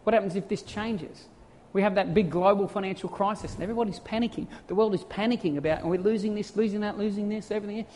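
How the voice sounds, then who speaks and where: Animated preacher in a reverberant hall. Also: mid-range voice, fast, hardly any pauses, slight background noise. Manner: animated preaching with rhetorical questions and acted-out quotes. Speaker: pastor. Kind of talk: sermon. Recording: reverberant church hall sound.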